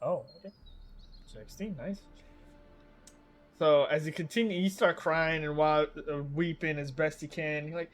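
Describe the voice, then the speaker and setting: A man's voice: a little high, a little slow, pauses often. A man narrating a tabletop game as game master, casual and often breaking into laughter. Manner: casual, laughing between lines.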